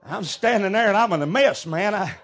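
High-voiced pastor, folksy. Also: male voice. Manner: folksy storytelling with shouted bursts. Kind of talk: sermon.

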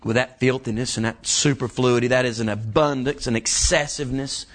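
A man preaching a sermon, building from calm scripture reading to shouted climaxes. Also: medium pitch, a little fast. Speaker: pastor.

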